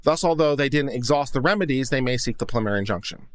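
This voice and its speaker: A man's voice: mid-range voice, animated, rapid-fire, no room sound. Dry-voiced man reading a court ruling. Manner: reads legal text aloud, then breaks in with thoughtful asides. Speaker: legal commentary host. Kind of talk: reading and commenting on a court opinion. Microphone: studio condenser mic.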